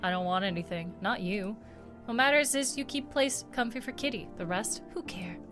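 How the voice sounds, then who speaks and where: A woman's voice: medium pitch, moderate pace, close to an everyday voice. A woman voicing an aloof cat-like woman who speaks in clipped, broken sentences. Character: indifferent cat-like woman, terse broken speech. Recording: game music behind.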